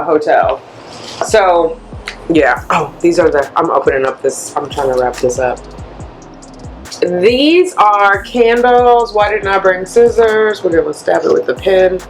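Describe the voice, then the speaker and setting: A woman vlogger chatting candidly to camera, a blunt and animated storyteller letting off steam. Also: lowish voice. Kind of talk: candid vlog chat.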